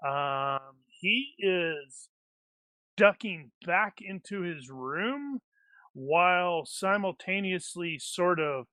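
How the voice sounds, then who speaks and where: A man's voice: high-pitched, lively intonation, drawn-out words, sharp tone, no room sound. A man acting as game master for a tabletop action game, talking in a rambling way with many restarts.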